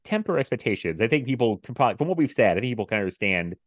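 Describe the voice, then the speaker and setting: A man's voice: medium pitch, big pitch swings, racing, dry recording, dull audio. A man hosting a podcast, chatting casually about movies, rambling with many fillers and frequent laughs. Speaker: podcast host.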